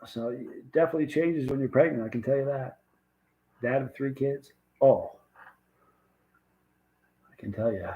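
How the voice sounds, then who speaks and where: A man's voice: mid-range voice, moderate pace, long pauses, muffled recording. A man hosting a livestream, rambling in a folksy, casual way and reading out viewer comments. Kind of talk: casual chat.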